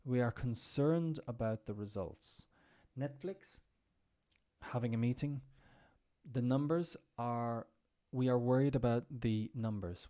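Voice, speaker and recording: A man's voice: medium pitch, unhurried. A man teaching English on a live stream, explaining phrases with examples and trying out how they sound. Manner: relaxed explaining with examples, some restarts. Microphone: computer mic on a live stream.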